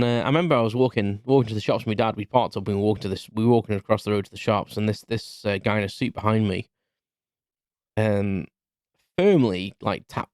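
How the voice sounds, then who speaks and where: A man's voice: fairly low pitch, a little mellow, no room sound, studio quality. A British man around forty hosts a solo podcast, telling a candid story in a rambling, chatty way. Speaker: podcast host.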